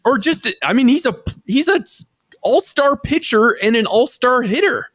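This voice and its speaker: A man's voice: very high-pitched, animated, normal speed, a bit bright, no echo, studio quality. A man co-hosting a casual sports chat, laughing easily. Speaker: co-host.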